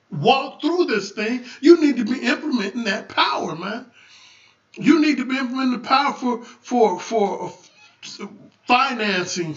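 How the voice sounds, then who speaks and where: A man with a very high, bright voice delivers a rambling spiritual talk, repeating and restarting words as he works up to loud preaching. He sounds set back from the mic in an echoey room, and the sound is dull and lo-fi. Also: far from the mic. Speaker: livestream host.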